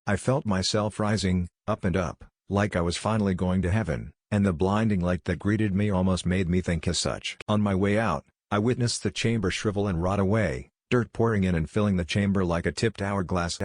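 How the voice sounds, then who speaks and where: A man narrating a first-person horror story in a measured, grave scripted reading. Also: low voice, no room sound, clean studio sound.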